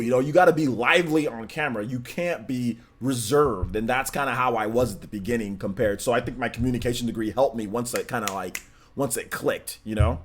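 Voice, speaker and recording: A young man hosting a casual livestream, reading chat questions and answering in a relaxed, rambling way with many ums and likes. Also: quick pace, husky. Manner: lifts voice when animated, drops to flat low tone otherwise. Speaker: livestream host.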